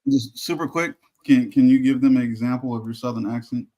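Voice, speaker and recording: A man co-hosting a casual panel chat, joking and cutting in with quick remarks. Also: mid-range voice, steady tone, warm tone. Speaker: podcast co-host.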